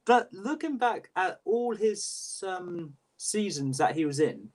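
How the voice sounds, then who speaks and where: Young dude co-hosting a stream, bit higher voice, lots of ums and restarts. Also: male voice, expressive, a little mellow. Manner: quick, halting, many fillers. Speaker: co-host ranking books. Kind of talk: casual livestream chat.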